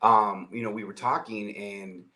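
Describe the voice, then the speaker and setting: A man's voice: on the low side, steady tone, measured pace, pushed and bright. A man, a guest on a podcast, talking casually and earnestly, often repeating and restarting his words. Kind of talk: casual conversational storytelling.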